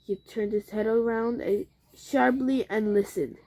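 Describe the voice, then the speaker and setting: A woman reading a children's book aloud, slowly and carefully, with occasional slips and restarts. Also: fairly high pitch, fairly even intonation, dark tone. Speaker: reader.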